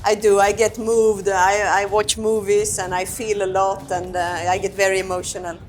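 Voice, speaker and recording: A woman ambassador, answering interview questions in a reflective, unhurried way and often repeating her words. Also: mid-range voice, flat delivery, slight background noise. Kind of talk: candid conversational interview answers.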